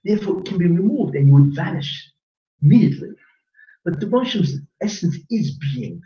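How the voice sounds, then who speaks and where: A man teaching a class as a rabbi, animated and joking, quizzing his audience with questions. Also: high-pitched, normal speed. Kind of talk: lively Torah class lecture. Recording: roomy lo-fi recording from a distance.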